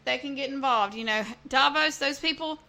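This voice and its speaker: A woman's voice: high-pitched, moderate pace, bright, forceful tone. A woman co-hosting a podcast in casual chat, talking emphatically and repeating herself. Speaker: podcast co-host.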